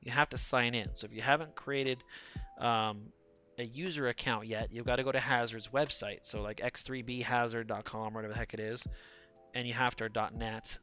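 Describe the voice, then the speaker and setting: A man's voice: medium pitch, steady tone, fairly quick, pushed and bright, highs cut off. A man in his forties chatting casually on a live stream; he talks nonstop, laughs a lot, and his voice sounds younger than his age and sometimes cracks. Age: 40s.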